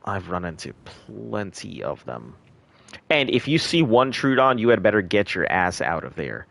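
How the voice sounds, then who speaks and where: A man with a fairly low voice chatting loosely through a survival game stream. He often drops into quiet mutters to himself between remarks to his co-player. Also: big pitch swings, moderate pace, creaky. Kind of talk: casual gameplay chat.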